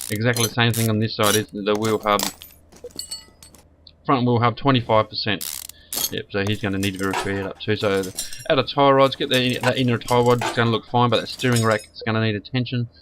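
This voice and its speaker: A man hosts a car repair game in casual commentary, his voice croaky and stuffed up from a cold. He rambles and restarts words often. Steady noise sits behind him. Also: on the low side, moderate pace. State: hoarse from a cold, sniffly. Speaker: gaming channel host. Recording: noisy background.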